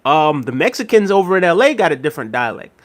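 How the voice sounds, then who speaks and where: A man with a rather high, sing-song voice talks fast while livestreaming. His casual chat rambles, he laughs often, speaks straight to his viewers, and reads out the chat.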